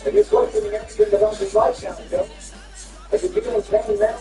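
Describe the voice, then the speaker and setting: A man giving confrontational gameplay commentary with trash talk and swearing, swinging between squeaky and low tones. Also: sing-song, fast, warm tone, recorded from a distance. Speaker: gaming video host. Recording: echoey room, away from the mic, music behind.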